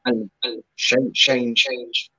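A man's voice: medium pitch, big pitch swings, extremely slow, gravelly, sharp tone, slightly rough, dry recording, rough recording. A man giving his views as a guest on a casual live stream, rambling and restarting often. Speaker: guest pundit.

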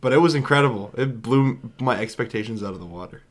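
A man's voice: mid-range voice, fast. Young male co-host, agreeable sidekick energy, brief upbeat replies in casual movie chat. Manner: agreeable, short enthusiastic replies. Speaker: podcast co-host.

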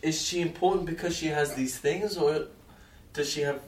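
A man playing a tabletop character in a halting, polite, filler-laden way. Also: a little high, slight background noise. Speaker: player. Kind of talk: casual role-play. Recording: echoey room from far off.

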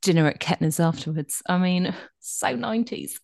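A middle-aged woman co-hosting a casual chat, rambling enthusiastically with quick asides. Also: fairly low pitch, gravelly, a little mellow. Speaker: podcast co-host.

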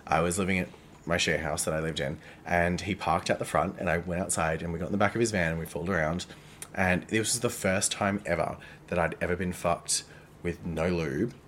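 A man's voice: low-pitched, fairly even intonation, a little fast, a bit bright, a little hiss or hum. A young Australian man co-hosting a podcast, chatting frankly with many "like" fillers. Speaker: podcast co-host. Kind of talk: casual chat.

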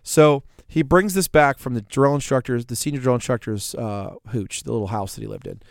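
A man's voice: medium pitch, brisk, gravelly, no room sound, studio quality. A man co-hosting a podcast, telling boot camp stories in a crude, joking way. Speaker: podcast co-host and former Marine. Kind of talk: casual storytelling chat.

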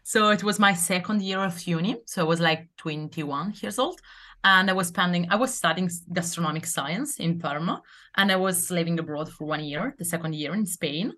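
A woman's voice: on the low side, moderate pace, bright, forceful tone. A young Italian woman, a native Italian speaker, chatting in an interview and telling her story with laughs and acted-out quotes. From Italy. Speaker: rugby player guest. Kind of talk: casual interview chat.

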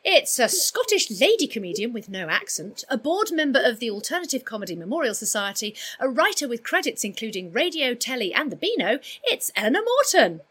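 A woman co-hosting a podcast, introducing a guest and chatting in an animated, laughing way. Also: fairly high pitch, fairly quick, hardly any pauses, husky. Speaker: podcast co-host. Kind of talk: casual podcast chat.

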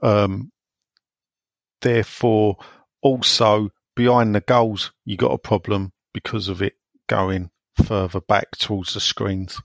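A man co-hosting a casual podcast, reading out listener messages and chatting with quick asides. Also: fairly low pitch, little pitch movement, no room sound, studio quality. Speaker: podcast co-host.

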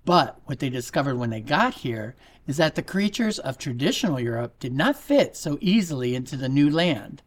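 A man hosting a casual mystery podcast, trading corny jokes with his co-host before easing into storytelling. His pitch sits in an ordinary middle range. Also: very animated, normal speed, hardly any pauses. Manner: jokey, puts on a fake accent at the start.

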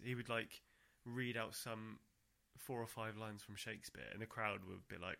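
A chatty young man from co-hosts a casual podcast, quick with asides and laughing often. His slightly low voice has a gravelly edge with a bright, forward tone. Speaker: podcast co-host. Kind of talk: casual chat.

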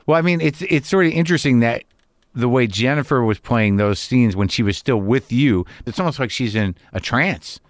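A man's voice: mid-range voice, normal speed, dry recording, studio quality. A man hosting a podcast in casual conversation, wry and blunt, often chiming in with short affirmations. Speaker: podcast host. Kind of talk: casual interview chat.

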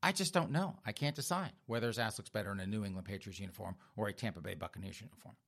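A man's voice: very fast, creaky, a bit bright. A man doing a muttering, hen-pecked sports-fan boyfriend. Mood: hesitant. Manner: low, muttering, resigned.

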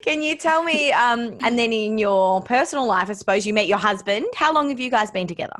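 A woman's voice: on the high side, lively intonation, fairly quick, fairly bright tone. A woman hosting a podcast interview over a remote online recording, speaking in an effusive, encouraging way. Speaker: podcast host.

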